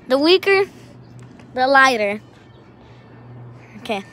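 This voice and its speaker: Woman, high voice, very lively and swooping, excitable casual vlog chatter, outdoors in a backyard. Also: measured pace, pauses often. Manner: excitable, chatty, talks to her dog. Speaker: vlogger.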